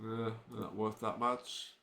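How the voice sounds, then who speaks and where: A man's voice: fairly low pitch, little pitch movement, slow pace, gravelly. A man streaming a retro role-playing game, muttering comments to himself as he plays. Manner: mutters quietly while playing, reads story text more loudly. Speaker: game streamer reading game text aloud. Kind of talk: casual commentary and read-aloud of game text.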